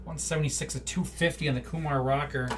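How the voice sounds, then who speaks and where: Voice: medium pitch, steady tone, fast. A card-break host chatting casually and rambling off-the-cuff while opening packs on a live stream. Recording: slightly distant mic, faint background hum.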